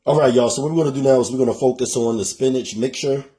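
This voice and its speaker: A Philadelphia man with a matching accent hosts a cooking show, walking viewers through a recipe in a chatty, casual way and calling them "y'all." His medium-pitched, warm voice moves fast with fairly even intonation.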